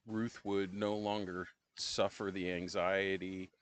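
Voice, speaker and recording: A middle-aged man co-hosting a podcast, leading a Bible study in a relaxed, conversational way with frequent pauses. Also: low voice. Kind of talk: casual Bible-study discussion.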